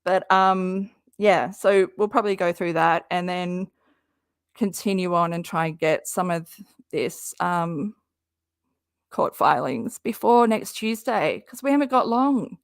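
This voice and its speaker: A woman's voice: lowish voice, measured pace, no room sound, clean studio sound. An Australian woman hosting a casual livestream, chatting with her viewers, laughing often and dropping local slang. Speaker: livestream host.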